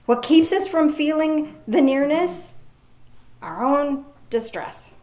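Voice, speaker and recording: A woman preaching a sermon in a lively, folksy way, reading scripture aloud slowly and commenting with casual asides. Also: high-pitched. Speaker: pastor. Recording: echoey room.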